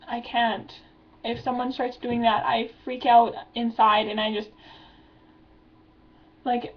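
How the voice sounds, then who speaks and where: A woman's voice: a little high, dull audio. A stressed teenage girl, venting in a rambling video diary, full of filler words. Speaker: vlogger.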